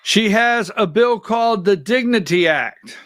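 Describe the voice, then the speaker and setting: A man with a notably high voice hosts a live political commentary show. He talks in a loose, conversational way and keeps throwing rhetorical questions at his audience. The sound is dry and close, with no room echo. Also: lively intonation, a little slow, a bit bright. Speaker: political talk show host.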